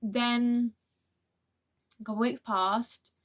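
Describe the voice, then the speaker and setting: A woman's voice: on the high side, steady tone, very slow. A teenage girl, telling a rambling storytime in a casual vlog, full of restarts and acted-out quotes. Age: teens. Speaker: vlogger.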